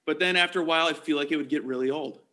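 A man's voice: fairly high pitch, very fast, sharp tone. A man hosting a casual interview and asking playful, teasing questions. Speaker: interviewer host.

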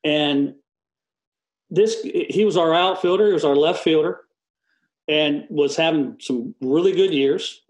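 A man, a former relief pitcher, telling an animated story on a panel, acting out quotes and laughing often. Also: measured pace, roomy sound, poor audio.

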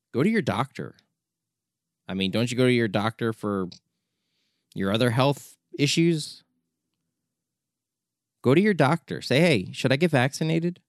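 A documentary filmmaker giving an impassioned opinion monologue, exasperated and urgent, often repeating words for emphasis. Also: male voice, fairly low pitch, no room sound, studio quality.

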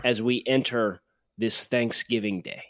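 A man's voice: medium pitch, steady tone, a little slow, a bit bright, dry recording, clean studio sound. Ranting male sports podcast co-host. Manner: ranting, jokey. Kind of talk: casual sports chat.

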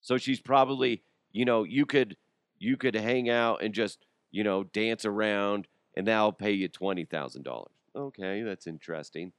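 A man's voice: fairly low pitch, moderate pace, clean tone, no echo, clean studio sound. A young adult man hosting a podcast, riffing and joking in a casual comedic monologue, often laughing and putting on voices. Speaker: podcast host.

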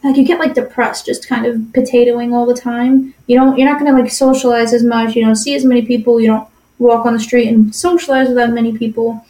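A woman's voice: a little high, fairly even intonation, fairly quick, few pauses, mellow. Blunt young woman in a roomy echo. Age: young adult. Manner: blunt, laughing, sarcastic. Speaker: podcast co-host. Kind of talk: casual chat.

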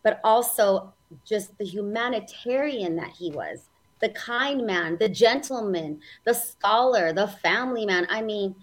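Lady on a podcast talking slow and halting, all heartfelt. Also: on the high side, poor audio. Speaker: podcast co-host. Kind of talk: casual chat.

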